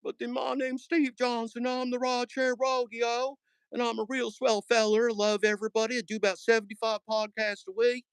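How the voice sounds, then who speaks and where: A man's voice: very high-pitched, flat delivery, normal speed, clean tone, no room sound, voice pushed up, low-quality recording. A man mocking a folksy, smarmy male podcaster with a hick drawl and lots of "ain't". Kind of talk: mocking impression on a live stream.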